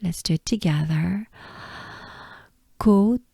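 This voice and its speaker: A woman from France with a French accent, patiently teaching pronunciation and repeating each sound slowly. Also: on the low side, vocal fry, mellow, slightly rough, no room sound, studio quality. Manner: patient, drills words by repeating them. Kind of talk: slow pronunciation lesson.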